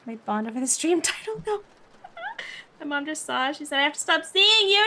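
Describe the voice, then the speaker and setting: Young woman, streamer, casual chat, high pitch, playful, flustered. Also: animated, moderate pace, bright, forceful tone, a little hiss or hum. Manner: playful, flustered, laughs often.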